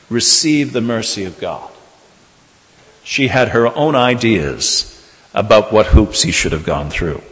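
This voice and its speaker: Low-voiced priest preaching in a church. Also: male voice, fairly bright tone. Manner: measured storytelling, slowing for emphasis. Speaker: Catholic priest. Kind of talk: sermon with personal story. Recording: reverberant church hall.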